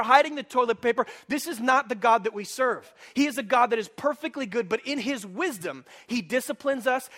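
Brief: male pastor, high bright voice, animated humorous sermon delivery. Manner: animated, humorous preaching with direct questions to the congregation.

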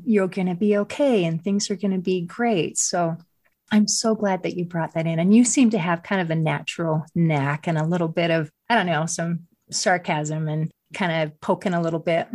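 A woman's voice: on the low side, normal speed, a little mellow. A woman hosting an interview, enthusiastic and affirming as she reflects on what her guest said. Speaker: host. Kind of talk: warm interview conversation.

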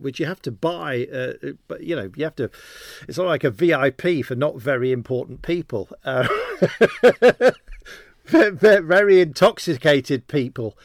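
A man's voice: fairly high pitch, no room sound, studio quality. Rambling, jokey male sports commentator. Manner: rambling, anecdotal, self-deprecating humour. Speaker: cycling commentator. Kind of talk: casual interview chat.

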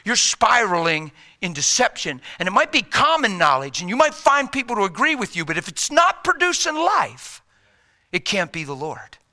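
Middle-aged male pastor, sharp bright tone, slightly high; folksy sermon, loud urgent pushes and hushed quiet stretches. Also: big pitch swings, normal speed. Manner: swings between loud urgent exhortation and quiet intimate hush; folksy, plain-spoken preaching.

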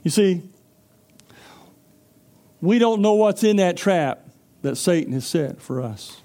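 A man's voice: sits high, expressive, slow pace, gravelly, long pauses, dark tone. A man preaching a sermon, telling a folksy story and acting out character voices. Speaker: pastor.

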